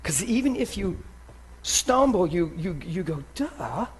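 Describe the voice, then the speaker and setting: A male preacher with a high voice delivering a lively sermon. He talks to his listeners directly, asks whether they follow, and acts out the voices in their heads. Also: measured pace, husky.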